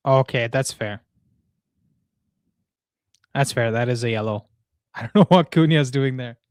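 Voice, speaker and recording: A young man hosting a live football watchalong, talking excitably to chat in slangy casual speech. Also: medium pitch, a little slow, clean tone, no room sound, studio quality. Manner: excitable, slangy, frequent "bro" and "dude". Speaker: watchalong host.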